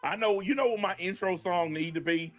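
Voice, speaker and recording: A man's voice: sits high, fairly quick, faint music behind. A man in a played clip, a content creator talking casually in an offhand, defensive way. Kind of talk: casual talk.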